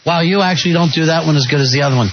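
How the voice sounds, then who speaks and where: Male talk radio host, sarcastic banter, fairly high voice, muffled broadcast audio. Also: rapid-fire, slight background noise. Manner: sarcastic, wisecracking.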